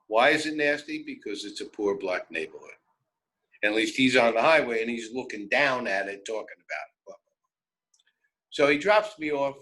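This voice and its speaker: An older man in his seventies with a New York accent, telling personal stories on the radio in an animated, wry, conversational way. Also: mid-range voice, rough recording. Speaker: radio host. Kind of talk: personal storytelling.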